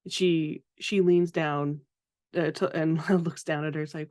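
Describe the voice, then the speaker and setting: A tabletop player calmly describing their character's actions. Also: mid-range voice, unhurried, dry recording, studio quality. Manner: calm, descriptive.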